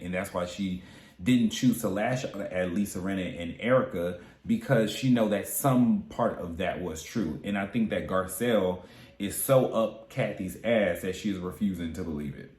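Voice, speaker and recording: Sassy, chatty man with a low voice. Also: darkish tone, roomy sound. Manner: sassy, candid, chatty with frequent asides. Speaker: reality TV recap commentator. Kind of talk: casual recap commentary.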